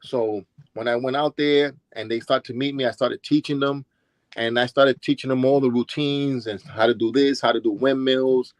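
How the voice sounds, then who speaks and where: An older man from Brooklyn, New York, a former DJ and dancer, tells stories as a guest in a casual interview, acting out the people he quotes with voice changes. His voice is mid-range with a steady tone, his pace is moderate, and the recording is dry.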